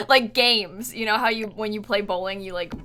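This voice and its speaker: A woman's voice: medium pitch, sharp tone. A woman game streamer chatting casually with her viewers while she plays, chatty, giggly and self-deprecating. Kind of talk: casual livestream chat while playing.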